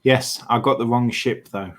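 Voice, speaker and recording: A man's voice: mid-range voice, steady tone, normal speed. A man from Lincolnshire with a mixed Lincolnshire and Yorkshire accent, chatting casually on a livestream and reading out viewer comments. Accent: English, Lincolnshire with some Yorkshire. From Lincolnshire, England. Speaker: livestream co-host.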